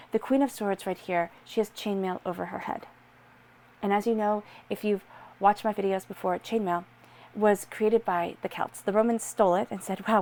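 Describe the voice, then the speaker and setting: A woman's voice: mid-range voice, a little mellow. A woman giving a tarot reading, talking straight to the listener in an earnest, reassuring way. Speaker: tarot reader.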